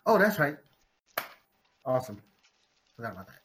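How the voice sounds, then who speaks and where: Excitable player with lively pitch. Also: normal speed, a little hiss or hum. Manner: excitable, laughing. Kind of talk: casual tabletop game play.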